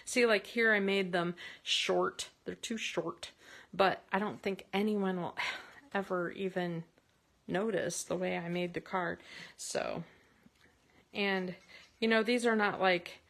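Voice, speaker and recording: A woman hosting a casual card-making tutorial from her craft space, chatty and rambling, with bursts of excitement. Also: on the low side, slow pace, vocal fry.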